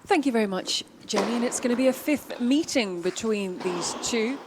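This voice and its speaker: A woman's voice: fairly high pitch, normal speed, background noise. A woman commentating on a tennis match, setting it up with facts and figures. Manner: informative, steady play-by-play with stats. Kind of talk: live sports commentary.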